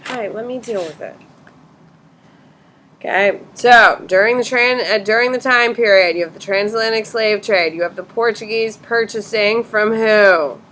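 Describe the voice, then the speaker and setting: Brisk bright-voiced woman teacher quizzing a class. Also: medium pitch. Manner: brisk, quizzing students, blunt corrections. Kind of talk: classroom lecture with questioning.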